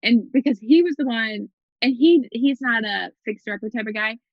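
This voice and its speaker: A woman's voice: on the high side, no echo, dull audio. An American woman, a guest photographer, chatting casually in an encouraging way with plenty of "like" fillers. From United States. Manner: rapid, lots of "like" fillers, encouraging. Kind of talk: casual interview chat.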